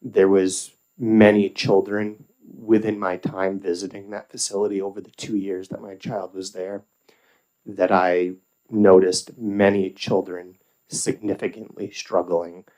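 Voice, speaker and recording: Deep, flat-voiced middle-aged man testifying. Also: poor audio. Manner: measured, with filler pauses. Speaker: parent testifying at a hearing. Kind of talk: formal public testimony. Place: legislative hearing room.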